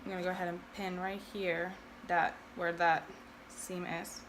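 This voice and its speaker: A woman's voice: lowish voice, level tone, normal speed, background noise. A woman hosting a casual sewing tutorial, chatting and thinking aloud with self-deprecating asides. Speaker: sewing video host.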